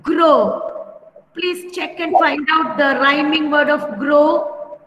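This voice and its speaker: A woman teacher leading an online class for young children, speaking slowly and patiently, repeating words and calling pupils by name over a computer mic. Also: sits high, steady tone, a bit bright, muffled recording. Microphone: computer mic on a video call. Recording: echoey room with long reverb.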